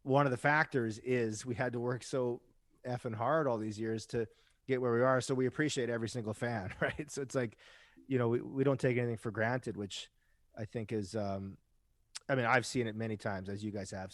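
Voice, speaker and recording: A man's voice: mid-range voice, steady tone, fairly quick, no room sound. A man guesting on a podcast, telling stories in a casual, chatty way, often tagging lines with "right?" and swearing now and then. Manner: chatty storyteller who keeps asking "right?". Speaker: podcast guest, rock musician. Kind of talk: casual chat.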